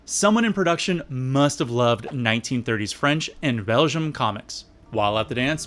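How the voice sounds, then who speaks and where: A man's voice: on the high side, a little hiss or hum. A man casually reviewing an old episode with sarcastic, jokey asides. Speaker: video reviewer.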